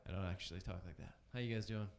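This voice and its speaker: A man's voice: low-pitched, racing. A man in his thirties doing a loose, self-mocking stand-up set on a comedy club stage.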